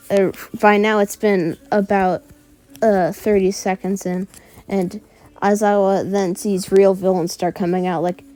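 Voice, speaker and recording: A woman narrates a fan story in a loose, rambling way, full of "uh" and "like". Her voice is mellow and relaxed. Faint background music plays under her. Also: medium pitch, measured pace. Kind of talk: casual retelling of a fan story.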